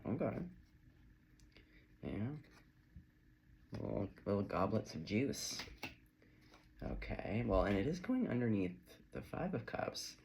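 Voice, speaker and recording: A man's voice: fairly low pitch, big pitch swings, takes it slowly, vocal fry, pauses often, a little mellow, slight background noise. A man giving a casual, chatty tarot reading to camera, wandering off on tangents as he talks. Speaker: tarot reader.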